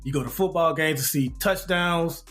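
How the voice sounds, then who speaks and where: Man, higher voice, animated, joking, casual chat, faint music. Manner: animated, joking, quick to laugh. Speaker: podcast co-host.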